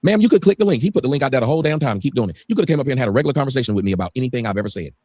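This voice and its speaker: A man's voice: mid-range voice, lively intonation, racing, darkish tone, breathy edge, no echo, studio quality. A man on a livestream talking heatedly, ranting emphatically and swearing often. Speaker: guest on a livestream.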